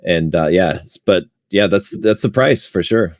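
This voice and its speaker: A man's voice: deep voice, lively intonation, moderate pace, dry recording, clean studio sound. A man hosting a podcast, talking casually and agreeably with frequent swearing. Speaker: podcast host.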